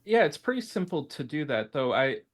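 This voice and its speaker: A man running a tabletop game as game master, narrating haltingly with many fillers and restarts. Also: on the high side, sing-song.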